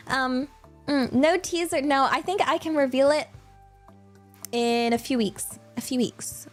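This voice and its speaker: A woman's voice: sits high, measured pace, faint music behind. A woman, chatting casually on a stream in a bubbly, rambling way with lots of fillers and giggles. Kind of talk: casual chat.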